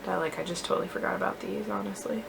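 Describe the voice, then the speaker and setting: Chatty young woman with a gravelly edge. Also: medium pitch, fairly even intonation, very fast, fairly bright tone, slight background noise. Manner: chatty, self-deprecating, many fillers like "like". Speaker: beauty vlogger. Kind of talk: casual chat while doing makeup.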